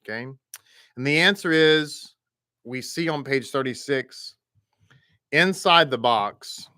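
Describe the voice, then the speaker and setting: A man with a Texas accent teaching a Hebrew reading class online in a relaxed, chatty way, repeating words slowly for his students. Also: mid-range voice, clean tone, no room sound, clean studio sound. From American South.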